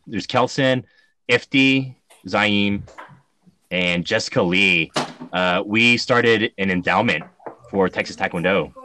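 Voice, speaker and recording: A man hosting a casual conversation, telling stories with lots of fillers and animated moments. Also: fairly low pitch, slow pace, slight background noise. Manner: storytelling, animated, many fillers. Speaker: host. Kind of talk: casual chat.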